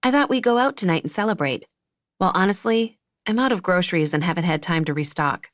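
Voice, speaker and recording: A woman reading a wry, deadpan woman doctor. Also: fairly low pitch, a little fast, no room sound, close to an everyday voice. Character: young woman doctor, warm, wry, worried.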